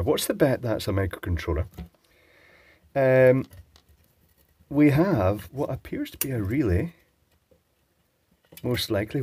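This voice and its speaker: A man's voice: medium pitch, warm tone, breathy edge. A man presenting an electronics teardown, musing and chatting as he thinks aloud while working. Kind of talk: casual talk-through while taking apart a device.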